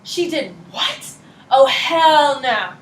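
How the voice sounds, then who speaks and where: A woman's voice: high-pitched, expressive, extremely slow, exaggerated voice. A woman voicing outraged, tattling nerve cells with exaggerated exclamations, in a roomy classroom. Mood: indignant.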